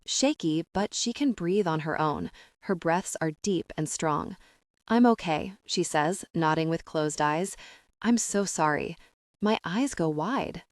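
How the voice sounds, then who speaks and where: Calm, dry-voiced woman narrating an audiobook. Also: low voice, measured pace, dry recording. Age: young adult. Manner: steady, calm, expressive reading. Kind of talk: first-person audiobook narration.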